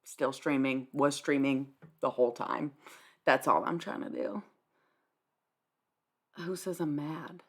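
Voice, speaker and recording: A woman's voice: rumbling low, slow pace, long pauses, slightly rough. A young woman livestreaming, answering her chat in a blunt, sarcastic, dismissive way and swearing freely. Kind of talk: live stream chat reply.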